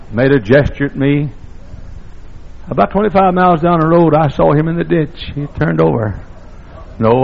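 An older man from the South, a pastor, preaching a sermon, husky and gravelly, and now and then breaking into sudden loud shouts. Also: fairly high pitch, a little hiss or hum. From American South. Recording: dull lo-fi sermon recording.

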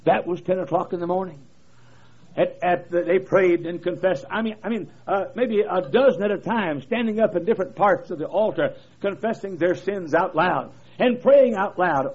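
Revival preacher, male, high raspy voice, impassioned storytelling, dull lo-fi church PA tape. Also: moderate pace. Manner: storytelling preacher, rising to impassioned shouted cries. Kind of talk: fiery revival sermon. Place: church service. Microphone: PA microphone.

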